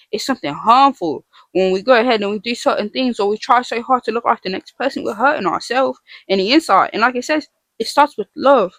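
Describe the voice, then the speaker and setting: A woman's voice: fairly high pitch, fairly bright tone, no echo. A woman giving a casual faith talk to her viewers, earnest and emphatic, repeating her phrases and putting rhetorical questions to the listener. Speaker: vlogger teaching about the names of God.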